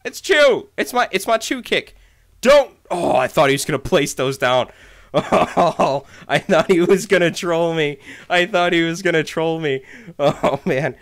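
A man commentating his gameplay in an excited, hyper way, often repeating himself. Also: fairly high pitch, measured pace. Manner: hyper, exclamatory, repeats phrases. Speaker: let's play gamer.

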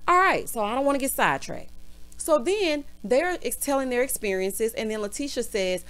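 A woman's voice: fairly high pitch, big pitch swings, moderate pace, a bit bright, smooth. Sassy woman ranting. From Southern US. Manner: sassy, calls everyone honey and girl. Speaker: reality TV recap host. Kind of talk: casual recap rant.

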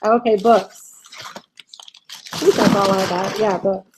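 A woman's voice: mid-range voice, fairly even intonation, takes it slowly, background noise. A woman chatting casually on a home live stream, giggling and reading viewer comments aloud. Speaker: reseller vlogger. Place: home, in a room with barking dogs.

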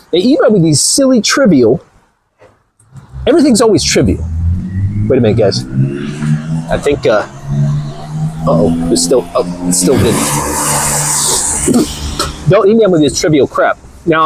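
Wearing a clip-on mic at the gym, a channel host rambles through an energetic, emphatic motivational vlog. His voice is a little high with a breathy edge, and the audio quality is poor.

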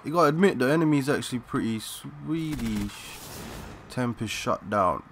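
A young man giving excitable, swearing live commentary while playing a shooter, calling out to teammates in slang. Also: mid-range voice, moderate pace, slight background noise. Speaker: gaming channel host.

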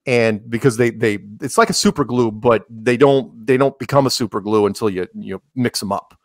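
A man's voice: medium pitch, moderate pace, no room sound, clean studio sound. A man talking casually as a podcast guest, rambling with many restarts and sarcastic asides. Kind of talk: casual conversational interview.

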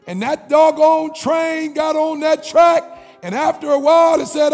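A man giving a commencement speech, preaching in repeated refrains that build to shouts. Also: very high voice, normal speed, creaky, in a large hall, soft background music. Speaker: commencement speaker. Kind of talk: motivational speech.

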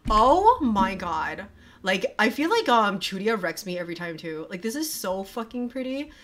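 A woman streamer reacting live in a casual, excitable way, swearing a lot and filling her talk with "like". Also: mid-range voice, moderate pace. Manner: gushing and excitable, swears a lot, full of "like" fillers. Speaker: streamer reacting to a music video. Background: music from the video playing.

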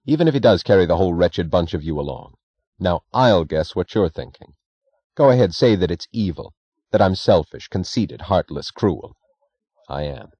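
A man's voice: low-pitched, dark tone, breathy edge, dry recording. A man voicing a hard, terse male industrialist who speaks in a clipped, contemptuous way, in an audiobook reading. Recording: dry, dull lo-fi recording.

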